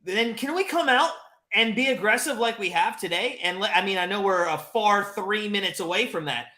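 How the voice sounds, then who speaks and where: A man hosting a live watch party for a match, reacting to the play, swinging between tense muttering and loud cheering with swearing. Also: high voice, normal speed, echoey room.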